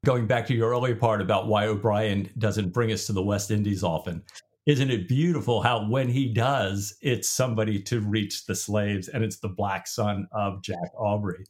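A man's voice: fairly low pitch, steady tone, moderate pace, a little mellow. A man co-hosting a casual book podcast, retelling scenes and reacting with enthusiasm. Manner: enthusiastic, exclaims often. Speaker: podcast co-host.

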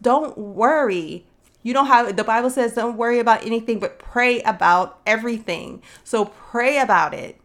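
A woman's voice: a little high, normal speed. A young woman hosting a faith show, speaking in an earnest, conversational way and calling her listeners sis. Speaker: faith podcast host. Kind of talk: encouraging faith talk to listeners.

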